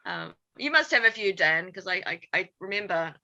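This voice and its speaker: A woman's voice: fairly low pitch, expressive, moderate pace, creaky, pushed and bright. A woman chatting as a guest on an online panel, laughing easily as she talks over a video call. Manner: giggly, laughs easily while talking. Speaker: panel guest, former series actress. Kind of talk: casual panel chat.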